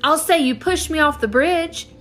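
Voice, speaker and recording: A woman's voice: on the low side, measured pace, a bit bright, soft background music. A woman reading the part of a sarcastic, ungrateful young boy who scorns his rescuer, in a storybook reading. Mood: yelling threats.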